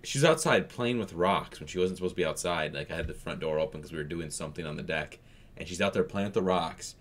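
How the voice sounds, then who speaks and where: A man's voice: deep voice, fast talker, fairly bright tone. A man co-hosting a reaction channel, telling an exasperated, swearing story about parenting. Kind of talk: casual storytelling chat.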